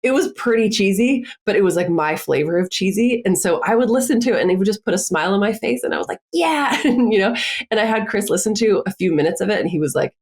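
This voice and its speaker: A woman's voice: medium pitch, lively intonation, fast talker, a little mellow. A woman who works as a coach, chatting casually as a podcast guest, with frequent filler words and easy laughter. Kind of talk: casual conversational interview.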